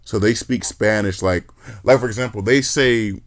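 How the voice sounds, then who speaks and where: A man hosting a podcast in casual chat, telling stories in an animated, joking, profane way. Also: fairly low pitch, moderate pace. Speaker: podcast host.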